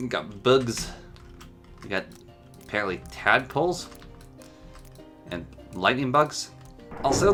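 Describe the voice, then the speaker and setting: Bright-toned, chatty man showing off a game. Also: fairly low pitch. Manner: chatty and enthusiastic, muses aloud. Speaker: mod showcase narrator. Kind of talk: casual gameplay commentary.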